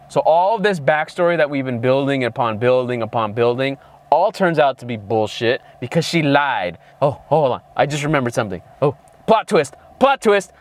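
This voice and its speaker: A man's voice: a little high, expressive, normal speed. A man co-hosting a casual movie review, ranting sarcastically with constant swearing and exasperation. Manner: heavily profane, exasperated, sarcastic. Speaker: movie reviewer, channel co-host.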